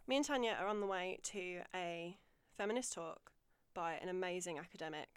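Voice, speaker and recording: A woman telling a lively story in a casual podcast chat, acting out other people's lines and growing louder as she gets excited. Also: lowish voice, a little fast, smooth, no echo, faint music behind. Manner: animated storyteller, acts out quotes, gets louder when excited. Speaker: podcast guest.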